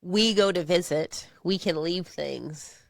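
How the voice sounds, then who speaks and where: A woman's voice: on the low side, takes it slowly, creaky, no room sound, clean studio sound. A woman co-hosting a podcast, talking candidly and expressively, often laughing through hard subjects. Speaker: podcast co-host. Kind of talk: casual podcast chat.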